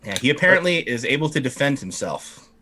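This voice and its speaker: A man running a tabletop game as game master, narrating the action in an animated way and laughing often. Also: mid-range voice, brisk, a little hiss or hum.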